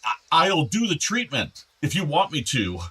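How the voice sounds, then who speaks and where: An actor playing an ailing older father in a radio drama, soft-spoken, tender and apologetic. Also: a little high, huge pitch swings, normal speed, breathy edge, heavily acted. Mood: remorseful.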